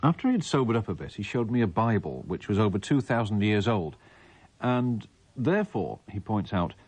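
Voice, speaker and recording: A man's voice: fairly low pitch, a little mellow. A man, a radio host reading a listener's letter aloud in a mock-solemn, theatrical way.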